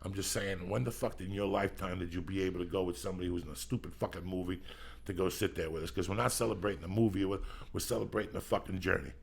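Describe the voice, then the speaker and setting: A middle-aged man hosting a podcast, rambling loudly and swearing heavily in comedic banter. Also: sits low, steady tone, fast. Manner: loud, rambling, heavy swearing, gravelly and raspy. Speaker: podcast host.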